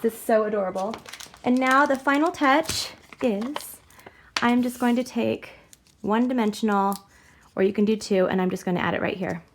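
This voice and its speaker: A woman's voice: on the high side, moderate pace, a little hiss or hum. A woman hosting a crafting tutorial, talking chattily through each step in a bubbly way and giggling at herself. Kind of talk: casual step-by-step demonstration.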